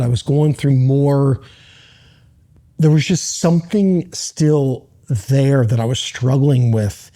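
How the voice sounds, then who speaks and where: Here a former Navy SEAL, an American man in middle age, tells his own story as a guest on an interview, earnest and halting with frequent restarts. The voice is mid-range and warm.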